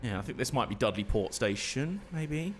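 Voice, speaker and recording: Young male streamer, mid pitch, chatty, jokey, self-deprecating, faint hiss behind. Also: big pitch swings, normal speed. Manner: chatty, self-mocking, laughs often. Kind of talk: casual gameplay commentary.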